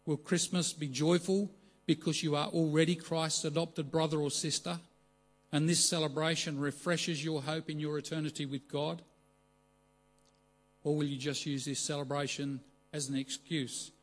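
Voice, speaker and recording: A man preaching a measured, earnest sermon, slowing down for emphasis. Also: a little high, level tone, soft background music.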